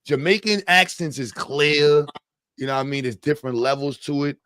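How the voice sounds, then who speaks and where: A young man from Brooklyn trades jokes and slang in a casual chat, cursing freely. His voice sits slightly high and sounds dry and close, with no room around it. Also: normal speed, a bit bright, smooth, dry recording. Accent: Brooklyn New York. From Brooklyn, New York. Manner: profane, joking, slangy.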